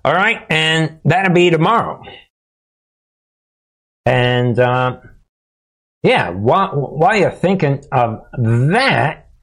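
A man's voice: a little high, lively intonation, slow, long pauses, a bit bright. Emphatic male commentary host. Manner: emphatic, punchy asides, repeated catchphrases; talks straight to viewers with frequent restarts. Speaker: host of a political commentary channel. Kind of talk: casual monologue commentary.

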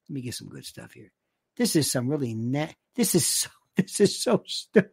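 A man's voice: mid-range voice, big pitch swings, moderate pace, vocal fry, husky, no room sound, studio quality. A man hosting a livestream, talking in a casual, sardonic way and often dropping to a near-whisper. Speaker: livestream host. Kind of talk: casual commentary.

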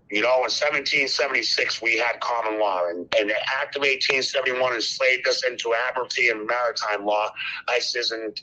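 A man's voice: medium pitch, bright, forceful tone. An older man calling in to a talk show, speaking fervently and preaching, repeating phrases for emphasis, over a muffled lo-fi line. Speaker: caller. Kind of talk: impassioned call-in speech.

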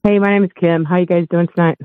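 Middle-aged man, caller, high voice, tinny phone line, dry, earnest and rambling. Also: flat delivery, fast talker, smooth, no room sound. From Los Angeles, USA. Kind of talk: call-in radio chat.

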